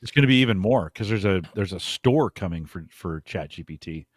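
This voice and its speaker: Brief: low-voiced man with animated delivery, wisecracking guest, dry sound. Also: brisk, dry recording. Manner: joking, interjecting. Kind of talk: casual chat.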